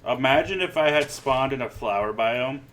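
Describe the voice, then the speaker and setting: A man's voice: medium pitch, moderate pace, fairly bright tone, a little hiss or hum, low-quality recording. A man giving casual gameplay commentary, musing aloud to himself with dry little asides.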